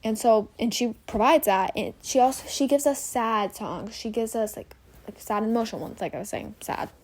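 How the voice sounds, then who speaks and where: A woman's voice: on the high side, fairly quick, a little mellow. A young woman hosting a casual solo podcast, rambling and gushing with many fillers and self-corrections, sometimes dropping to a whisper. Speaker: podcast host.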